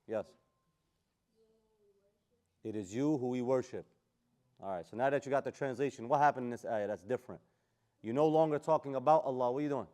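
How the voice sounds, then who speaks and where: A man teaching a Quran class, animated and quizzing his students in casual street phrasing. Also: mid-range voice. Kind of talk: classroom lesson on Quran tafsir.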